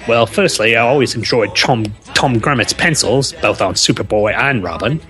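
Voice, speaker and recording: A man's voice: mid-range voice, expressive, moderate pace, a bit bright, faint music behind, natural voice. A man reading out a fan letter in a put-on Australian accent, playing a male comic-book fan. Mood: cheery. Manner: hammy, exaggerated reading.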